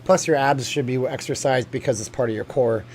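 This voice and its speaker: A man talks casually into a desk mic, hosting a livestream from home and reading viewers' comments aloud. He rambles with plenty of ums and uhs at an ordinary middle pitch. A faint hum sits behind his voice. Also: fairly quick. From USA. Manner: rambling, reads comments aloud, many fillers. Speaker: livestream host reading chat.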